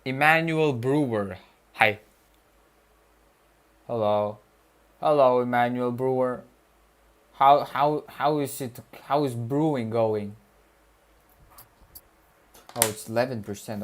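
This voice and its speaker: A man's voice: medium pitch, slow pace, pauses often. A young man, a student streamer, chatting casually with his viewers, rambling, repeating himself and joking in slang. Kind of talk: casual livestream chat with viewers.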